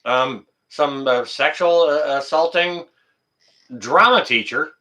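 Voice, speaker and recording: A man's voice: on the high side, slow, bright, forceful tone. A man hosting a casual live stream, answering chat in a blunt, joking way and swearing freely.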